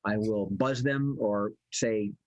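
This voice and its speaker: A man hosting an improv comedy show with playful, jokey patter and a slightly husky voice. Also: fairly low pitch, fairly even intonation, slow, highs cut off, slight background noise. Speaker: improv host.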